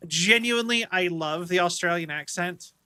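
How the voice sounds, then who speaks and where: Bright-voiced chatty male streamer. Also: high voice, normal speed, clear, resonant tone. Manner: chatty, rambling, self-deprecating. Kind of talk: casual gameplay commentary.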